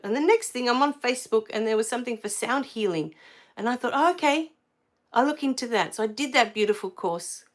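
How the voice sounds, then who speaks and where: A middle-aged Australian woman hosting a spiritual livestream, telling a personal story in a warm, effusive way that rises to excited exclamations. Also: medium pitch.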